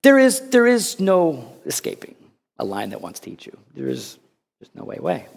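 A man preaching a sermon as pastor, swinging from loud emphasis to hushed tones and repeating words when he presses a point. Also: fairly high pitch, huge pitch swings, normal speed, gravelly.

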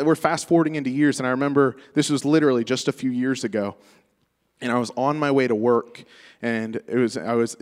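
Speaking to a church congregation in a sanctuary, a man with a mid-range voice gives a tribute speech, sharing personal stories conversationally and laughing often. The sound carries the echo of a large room.

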